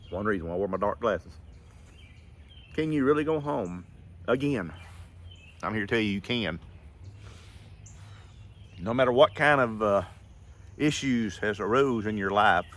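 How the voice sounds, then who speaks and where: A man's voice: fairly low pitch, a bit bright. A man, telling stories in a folksy, rambling and heartfelt way in a casual vlog. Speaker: vlogger.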